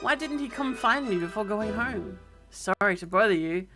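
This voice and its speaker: A polite young schoolgirl in a game, read by an Australian woman with a plain, matter-of-fact delivery. The voice sits at a middling pitch, and faint music plays underneath. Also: expressive, normal speed, sharp tone.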